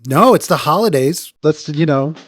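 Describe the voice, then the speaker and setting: A man's voice: fairly high pitch, animated, moderate pace, no echo, studio quality. A man who is a guest on a podcast, chatting casually and laid-back, often giving short agreeing replies. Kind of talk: casual chat.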